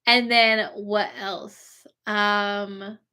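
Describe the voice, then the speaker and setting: A woman's voice: medium pitch, little pitch movement, extremely slow, bright, forceful tone, clear, resonant tone. A woman vlogger chatting casually and rambling, with lots of fillers. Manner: gushing, filler-heavy, rambling. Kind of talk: casual chat.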